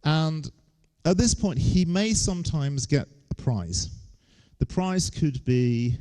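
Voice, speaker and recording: Guy in his 50s giving a jokey talk, mellow voice, swoops around a lot. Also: a little high, lively intonation, slow pace. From England. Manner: wry, joking asides. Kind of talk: humorous lecture on stage.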